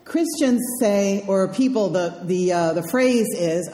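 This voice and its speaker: A woman's voice: medium pitch, slow pace, mellow. A woman minister giving a conversational sermon with wry, dryly humorous asides, in a large sanctuary. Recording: echoey hall sound.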